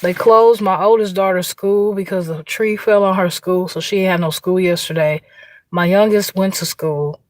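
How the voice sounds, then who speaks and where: A woman's voice: mid-range voice, steady tone, normal speed, no echo. Woman, Indiana accent, casual livestream host, chatty, laughing, dry close sound. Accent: Indiana, US Midwest. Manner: chatty, laughing, greets viewers by name. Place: outdoors.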